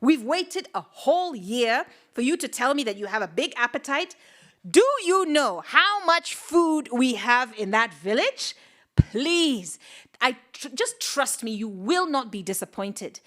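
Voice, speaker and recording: A woman storyteller voicing an eager village man who pleads and gets excited, his voice jumping up high. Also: unhurried, exaggerated voice. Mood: indignant. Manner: excited, pleading, bursts up in pitch.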